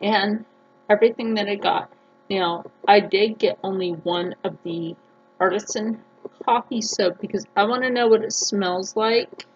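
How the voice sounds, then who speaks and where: A woman vlogging a casual unboxing, gushing and excitable, jumping into high squeals of delight. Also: unhurried. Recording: dull lo-fi sound with clear background noise.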